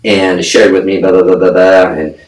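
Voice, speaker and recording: Low-voiced man telling a blunt story. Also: little pitch movement, normal speed, darkish tone. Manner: blunt, profane, acts out quoted voices. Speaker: podcast guest. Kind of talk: casual storytelling interview. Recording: echoey room, distant mic, faint noise.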